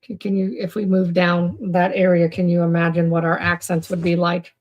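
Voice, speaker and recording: A woman's voice: fairly low pitch, level tone, normal speed, a little mellow. A woman hosting a casual live stream about mental health. She rambles, restarts her sentences and fills them with "you know" and "um" as she chats with viewers in the comments. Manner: rambling, with many fillers and restarts.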